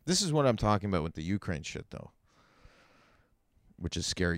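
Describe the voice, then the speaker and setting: A man's voice: deep voice, very animated, a little fast, long pauses, dry recording, clean studio sound. A man hosting his own comedy podcast, ranting profanely with sarcastic asides. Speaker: podcast host. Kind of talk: solo comedy podcast rant. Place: in Vancouver.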